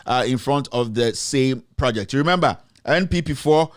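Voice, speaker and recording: A man's voice: mid-range voice, normal speed, dry recording, clean studio sound. A Ghanaian man hosting a live political commentary stream, speaking in an impassioned, repetitive way and switching between English and Twi.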